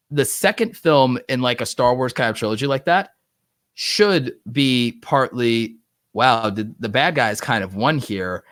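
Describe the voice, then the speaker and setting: A man's voice: medium pitch, dry recording. Dry-voiced man ranting on a livestream. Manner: excited, rambling, heavy use of "like". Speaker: host of a live show. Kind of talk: casual livestream chat. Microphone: online streaming setup.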